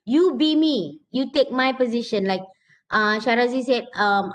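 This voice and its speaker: A woman's voice: on the high side, a little slow, low-quality recording. A woman lecturer, teaching an online class in a chatty way and acting out sample dialogues for her students.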